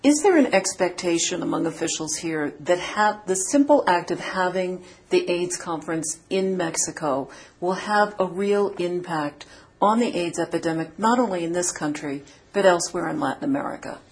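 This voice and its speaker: Brisk woman radio interviewer. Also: lowish voice. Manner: direct, brisk questioning.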